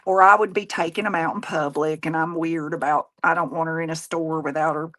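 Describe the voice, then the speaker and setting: A woman in her forties, a little lower in pitch, chats about everyday life while she crafts. She rambles, restarts her sentences and laughs easily. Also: fairly even intonation, fairly quick, fairly bright tone. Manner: chatty, folksy, laughs often. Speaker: craft show host; nurse. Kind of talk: casual chat while crafting.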